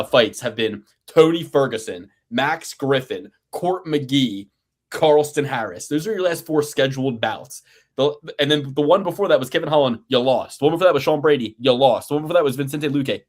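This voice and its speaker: Ranting, foul-mouthed man on a podcast. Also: medium pitch. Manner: ranting, profane and exasperated; sarcastic, mocking. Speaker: podcast co-host. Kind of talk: casual sports betting chat.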